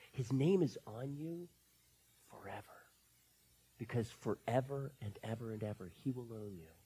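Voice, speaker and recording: A husky male pastor preaching a sermon in a church. His voice turns intimate and hushed, then jumps up loud and eager, with a slightly breathy edge throughout. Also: mid-range voice. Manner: swings between soft near-whispers and loud excited bursts. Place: church sanctuary.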